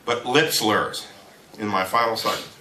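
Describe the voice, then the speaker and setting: A man leads a trombone masterclass, lecturing students in an animated way and breaking into sung rhythms. His voice sits a little low but sounds bright and forceful. The sound carries a roomy echo, as from a hall. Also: a little slow, slight background noise. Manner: animated, sings rhythms aloud. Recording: echoey room.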